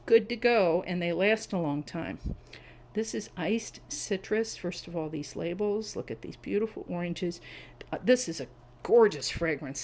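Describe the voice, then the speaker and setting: A woman's voice: mid-range voice, slight background noise, poor audio. A middle-aged woman chatting at home in a casual review vlog, enthusiastic and savoring each description. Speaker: wax melt reviewer. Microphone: camera on a tripod.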